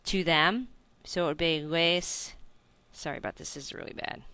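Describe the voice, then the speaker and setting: A woman gives a recorded grammar lesson with a bright, clean voice. She walks through each point patiently, asks if it makes sense, and fixes her own slips as she goes. The sound is close and dry. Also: sits low, moderate pace, clean tone, no echo. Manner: explains step by step with frequent self-corrections and check-in questions. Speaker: Spanish teacher.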